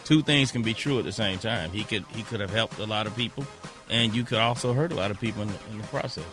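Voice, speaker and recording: Male radio co-host, lowish voice, fast, measured, clear music behind. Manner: measured, weighs both sides. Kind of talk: casual radio banter.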